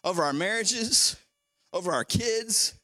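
A man preaching a sermon as pastor, animated and full of repeated phrases. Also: high voice, a little slow.

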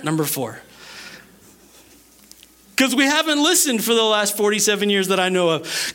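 A male preacher with a bright, forceful voice delivers an emphatic sermon. He moves between loud, punchy declarations and quiet asides, and acts out the scripture with voices. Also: sits high, animated, normal speed, long pauses, clear, resonant tone. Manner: dramatizes scripture with acted voices. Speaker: pastor.

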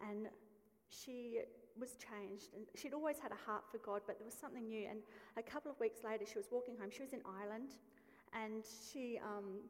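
A woman's voice: on the high side, darkish tone, big-room sound. A woman telling a story during a church service in a conversational way, with fillers and restarts. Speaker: church speaker. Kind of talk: storytelling sermon.

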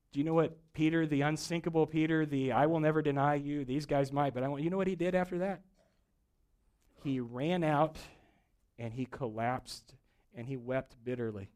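A male pastor delivering a sermon in a storytelling way, middle-pitched voice. He acts out the dialogue of the story and swings between forceful emphasis and hushed asides. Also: moderate pace, long pauses. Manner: storytelling preacher, acts out dialogue, rising and falling intensity.

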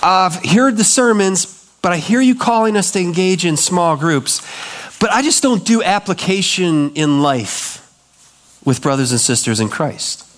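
A male pastor preaches a sermon in an animated, conversational way. He acts out the voices he quotes and drops low and slow to stress a point.

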